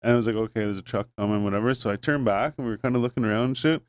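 An adult man with a son chats casually on a podcast, telling fast, rambling, profane stories, swearing a lot and acting out voices of what others said. His voice is fairly low-pitched, with no room sound.

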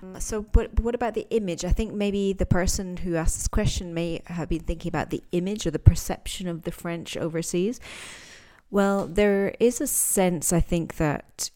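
A woman with a low, mellow voice gives an unscripted podcast lesson on speaking English. She talks thoughtfully, pausing to search for words and often restarting her sentences. She sounds warm and unhurried, like a teacher explaining from experience.

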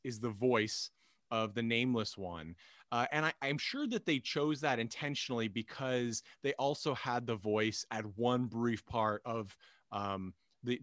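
A man's voice: lowish voice, a bit bright, no echo, studio quality. A man co-hosting a casual film discussion, rambling with many fillers and restarts. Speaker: podcast co-host.

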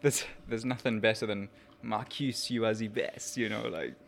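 A man's voice: lowish voice, moderate pace, vocal fry, a crowd in the background. A young man with a New Zealand accent, making dry, short remarks in casual chat.

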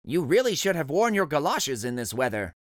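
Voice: mid-range voice, very animated, a little fast, no echo, clean studio sound, close to an everyday voice. A storybook reader voicing a fussy, house-proud male rabbit who scolds his guests. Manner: scolding, anxious about his rug. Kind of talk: storybook read-aloud.

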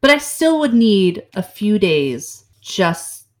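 Co-hosting a casual podcast chat, a woman with a medium-pitched voice takes her time. She's animated and jokey, swearing casually as she talks.

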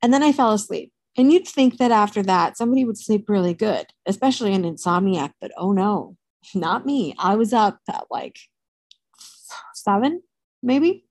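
A woman tells a personal story to the camera, candid and animated, and swears freely. Her pitch is medium, her pace moderate, and the recording is dry.

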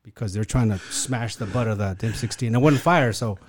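A man's voice: fairly low pitch, brisk, husky. A middle-aged man, a podcast guest, telling rambling stories in easygoing casual chat. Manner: laid-back, rambling storyteller.

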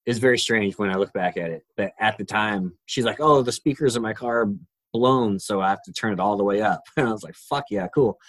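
A man's voice: on the low side, fairly quick, fairly bright tone, no room sound. A man in his forties, a guest on a podcast, chatting casually in a laid-back, self-deprecating way. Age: 40s. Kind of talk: casual chat.

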